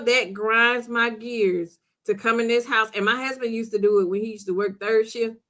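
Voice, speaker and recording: A woman's voice: a little high, sharp tone. A middle-aged woman hosting a live stream, chatting casually with viewers and laughing often. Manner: chatty, laughs often, talks straight to viewers as "girl" and "sis". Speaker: live-stream host reading viewer comments. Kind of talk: casual chat.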